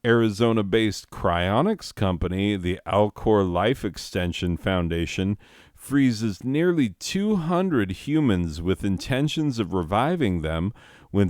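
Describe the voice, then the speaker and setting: A man's voice: deep voice, darkish tone, dry recording, studio quality. A man doing profane, sardonic stand-up comedy, ranting about the news of the year.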